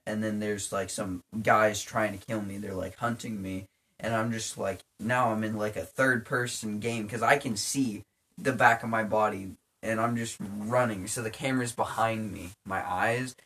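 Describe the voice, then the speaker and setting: A man's voice: lowish voice, steady tone, moderate pace, a bit bright, slightly rough. A young man co-hosting a casual podcast, telling a story with lots of swearing and acting out his own startled reactions. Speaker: podcast co-host.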